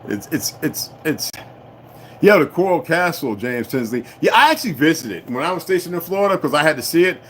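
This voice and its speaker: A man's voice: a little high, animated, a little fast, a bit bright, slight background noise. A middle-aged man hosting a casual livestream, rambling and swearing freely, laughing often and talking back to his chat. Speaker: livestream host.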